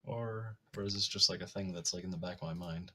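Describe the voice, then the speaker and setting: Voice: low-pitched, fast talker, pushed and bright, husky. A player in a tabletop game, chatting casually and joking in a rambling way with many restarts.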